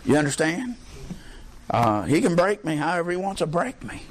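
A man preaching a sermon, impassioned and folksy, climbing to near-shouts. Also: on the high side, very animated, normal speed, a little hiss or hum.

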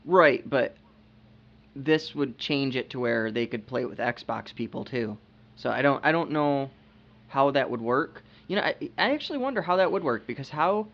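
A man co-hosting a casual podcast chat. He talks hesitantly, repeating his words and using lots of fillers. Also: mid-range voice. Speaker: podcast co-host. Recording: dull lo-fi podcast audio.

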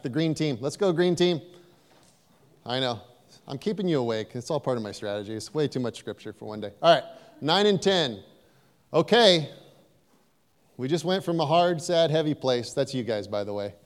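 Animated preacher man in reverberant hall. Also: mid-range voice, clear, resonant tone. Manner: animated preacher acting out voices, playful asides. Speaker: pastor. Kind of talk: sermon.

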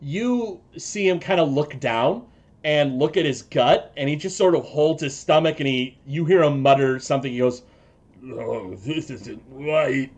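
A man's voice: on the high side, animated, a little mellow, muffled recording. A man running a tabletop game as game master, narrating the action with frequent fillers and restarts. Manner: halting, many fillers and restarts.

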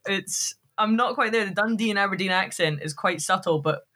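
A woman's voice: mid-range voice, fairly quick, a bit bright. A woman, a podcast guest who laughs a lot and makes fun of herself. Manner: laughs often, self-deprecating. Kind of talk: casual chat.

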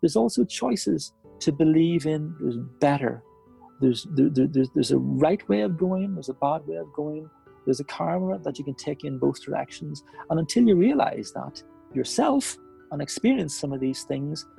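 A man's voice: on the high side, gravelly, warm tone. A man, a podcast guest, telling a personal story in an earnest, reflective way in casual conversation.

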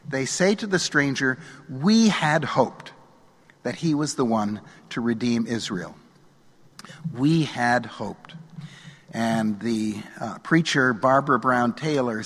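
A middle-aged man preaching a sermon from a church pulpit, measured and earnest, letting his phrase endings fall softly. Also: mid-range voice, husky. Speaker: pastor. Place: church sanctuary. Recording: long church reverb.

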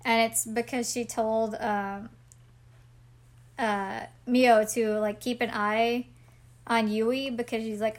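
Woman with a slightly high voice on a podcast, chill anime recap, tosses in dry little jokes. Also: level tone. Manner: wry, chimes in with quick jokes. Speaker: podcast co-host. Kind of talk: casual chat recapping an anime episode.

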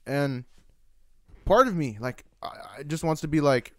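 Fast, smooth-voiced young man chatting. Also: medium pitch, fairly bright tone, dry recording. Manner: swears often, tells stories with acted quotes. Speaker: podcast co-host reading chat. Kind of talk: casual chat.

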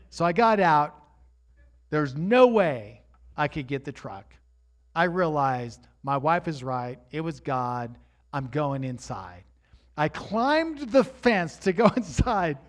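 Male preacher, high voice, lively storyteller who bursts into shouts. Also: slow pace. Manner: animated storyteller, rising to shouts at high points.

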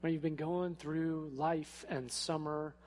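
A man preaching a sermon in a church, speaking in a casual, animated way with frequent fillers. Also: a little high, slow pace. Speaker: pastor. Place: church sanctuary. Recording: echoey hall.

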